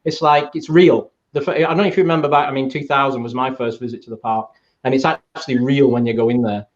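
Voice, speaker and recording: A man's voice: mid-range voice, steady tone, fast. A man telling stories as a guest in casual podcast chat, wry and rambling. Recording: dull lo-fi audio.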